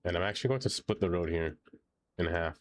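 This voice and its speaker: This low-pitched, non-American man speaks briskly with lively intonation, and there's no room sound. Streaming a game live, he keeps up playful, casual chatter, reads chat out loud, thanks his viewers and groans dramatically at errors.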